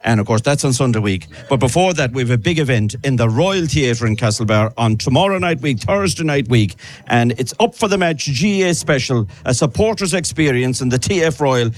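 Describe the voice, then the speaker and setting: A man's voice: mid-range voice, expressive, brisk. A man with an Irish accent presenting a live radio show from an outdoor event, chatty and enthusiastic. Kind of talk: live outside broadcast chat. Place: outdoors at a live outside broadcast.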